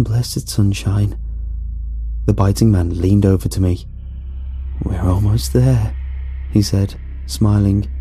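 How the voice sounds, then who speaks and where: A man narrating a first-person horror story in a measured, dramatic storytelling manner, with a husky voice. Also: mid-range voice, warm tone. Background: faint background music.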